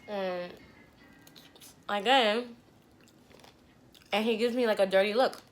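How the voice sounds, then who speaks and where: A young woman vlogger telling a story to the camera between bites, animated and blunt, with the odd swear word. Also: mid-range voice, takes it slowly, faint music behind. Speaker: mukbang vlogger. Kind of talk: storytime chat while eating.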